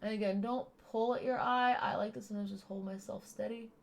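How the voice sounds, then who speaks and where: A woman's voice: mid-range voice, steady tone, fairly quick, vocal fry. A woman chatting casually while she does her makeup, explaining each step as she goes. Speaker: streamer doing makeup. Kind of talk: casual makeup tutorial chat.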